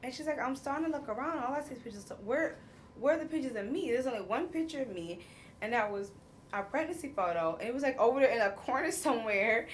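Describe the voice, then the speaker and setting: A woman with a high-sitting voice talks fast, casually recapping a reality show episode over slight background noise. She tells it with animation, acting out quotes and laughing often.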